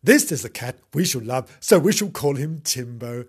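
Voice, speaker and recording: A man's voice: medium pitch, lively intonation, normal speed, breathy edge. A man voicing a bossy, motherly young girl in a comic storybook reading, with prim, careful speech. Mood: kindly.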